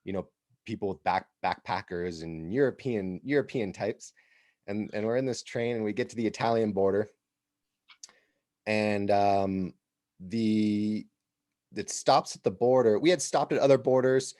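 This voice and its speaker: An American man hosting a podcast, telling a travel story in an animated, casual way and laughing as he goes. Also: lowish voice, a little slow, no room sound, clean studio sound. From United States. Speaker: podcast host.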